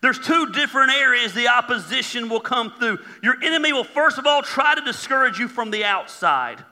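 A pastor preaching a sermon in a church, talking conversationally and joking with mocking asides. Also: male voice, very high voice, lively intonation, a little fast, bright, forceful tone. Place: church auditorium. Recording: long hall reverb.

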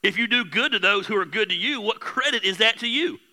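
A man preaching a sermon, candid and joking with his congregation, swinging between soft asides and loud emphatic bursts. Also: sits high, animated, brisk. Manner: candid, joking, talks straight to the crowd. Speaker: pastor. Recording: hall reverb.

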